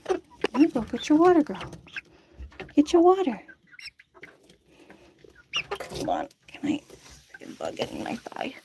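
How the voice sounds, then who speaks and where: A woman's voice: high-pitched, huge pitch swings, measured pace, gravelly, pauses often, noisy background. Chatty woman cooing at her chickens. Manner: chatty, laughs often, coos at the birds. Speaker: vlogger tending chickens. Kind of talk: casual chat. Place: backyard chicken coop at night. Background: chickens clucking.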